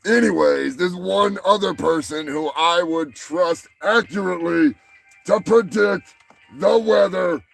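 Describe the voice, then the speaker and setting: A man's voice: high voice, vocal fry. A man hosting a comedy show, delivering a rambling, crude monologue and stumbling over words. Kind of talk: profane comic monologue.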